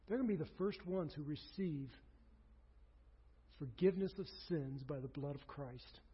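A man's voice: a little high, normal speed, slightly rough, long reverb tail, dull audio. A man preaching a sermon as pastor, earnest, acting out quoted speech with rising emphasis.

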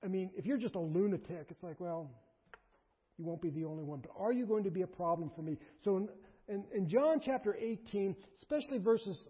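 A man preaching a sermon in an animated way, surging to emphatic bursts and dropping low, recorded in a large hall. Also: a little fast, slightly rough. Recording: dull lo-fi recording in a reverberant hall.

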